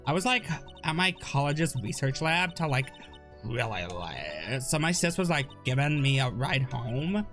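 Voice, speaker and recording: A man's voice: a little high, sing-song, normal speed, fairly bright tone. A man voicing a ditzy young woman witness who drawls and fills every phrase with "like", over faint game music. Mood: airheaded. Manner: drawling, filled with "like".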